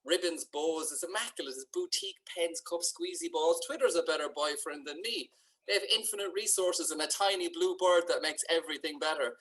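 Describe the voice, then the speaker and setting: A man performing stand-up in a comedy club. His delivery is dry and sardonic, and his voice sits a little high for a man. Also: brisk, fairly bright tone, low-quality recording. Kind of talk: stand-up set.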